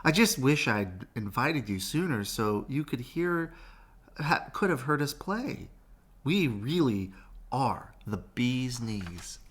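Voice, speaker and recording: A man's voice: medium pitch, big pitch swings, slow, fairly bright tone, breathy edge, heavily acted. A man voicing a young woman bandleader, glum and wistful, in a storybook read-aloud.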